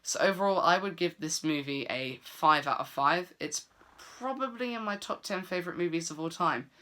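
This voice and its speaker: A man's voice: on the high side, normal speed, bright, forceful tone. A man giving a casual, enthusiastic film review to camera, with frequent fillers and restarts.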